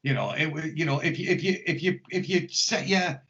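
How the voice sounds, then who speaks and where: An English man rambles and jokes his way through a podcast chat. His voice sits a little high and he swears freely. The audio is dull and lo-fi. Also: brisk, pushed and bright. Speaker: podcast co-host. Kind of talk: casual chat.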